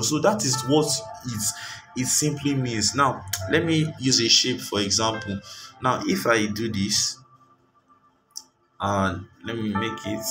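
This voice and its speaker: A man teaching graphic design in a loose, rambling way, stopping often to find the right word. He sits some distance from the microphone, and clear background music runs under his voice. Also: medium pitch. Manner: rambling, searches for words with frequent fillers. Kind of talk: screen-recorded tutorial.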